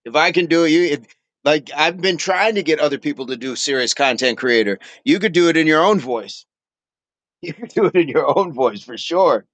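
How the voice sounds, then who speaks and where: A man's voice: fairly high pitch, moderate pace, a bit bright, no echo. A man hosting a casual fitness livestream, chatting playfully with viewers, laughing often and repeating his phrases. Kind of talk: casual livestream chat, reading viewer comments aloud.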